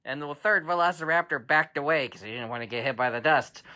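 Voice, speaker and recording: A man telling an improvised bedtime story to a child, animated, with sound effects and dramatic pauses. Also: fairly high pitch. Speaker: storyteller dad.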